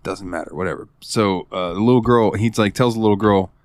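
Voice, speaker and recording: Podcast co-host, male, lowish voice, dry close sound, excitable and profane storyteller. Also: fairly quick, no room sound. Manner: excitable storyteller, swears freely. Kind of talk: casual gaming chat.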